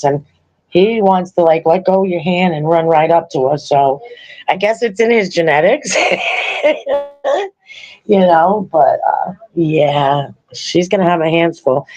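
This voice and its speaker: A woman's voice: on the low side, a little mellow, low-quality recording. An older woman, a grandmother, hosting a podcast in loose, rambling casual chat, laughing often as she talks. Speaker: podcast host.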